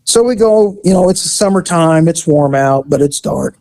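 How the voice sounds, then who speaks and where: Man, dark mellow voice, ex-cop, casual animated storytelling, acts out voices. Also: fairly high pitch, normal speed, dry recording. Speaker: former police officer telling stories.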